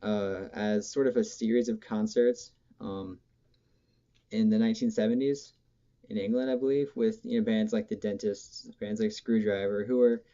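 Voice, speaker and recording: A man with a low, mellow voice talks through a loose monologue about music, stopping often for ums and restarting his sentences. The recording sounds dull and lo-fi. He sounds like someone thinking aloud into a home mic. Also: fairly even intonation, moderate pace. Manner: hesitant, many ums, self-correcting. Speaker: music commentator. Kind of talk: rambling casual monologue.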